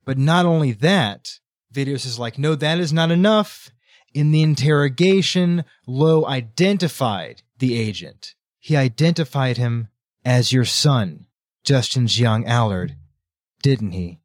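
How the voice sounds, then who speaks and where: A man co-hosting a casual book podcast, recapping the plot in an animated way and acting out the characters' lines. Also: mid-range voice, a little slow, no room sound, studio quality. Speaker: podcast co-host.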